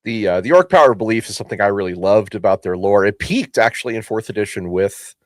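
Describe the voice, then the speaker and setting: A man's voice: on the low side, animated, no room sound. A man hosting a casual livestream, talking through game lore with frequent restarts and reading viewer comments. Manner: halting, repeats words, reads chat aloud. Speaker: host.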